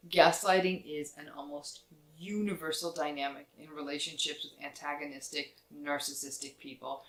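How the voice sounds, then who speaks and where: Woman, lower register, calm deliberate educator reading a prepared talk. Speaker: psychology educator. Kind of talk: scripted explanatory talk.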